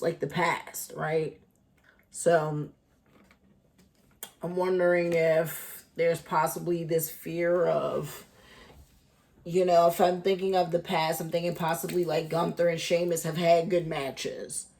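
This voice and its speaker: Woman tarot reader, casual vlog delivery, chatty and meandering, unhurried pace. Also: on the low side, flat delivery, darkish tone. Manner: chatty, thinking aloud, many fillers.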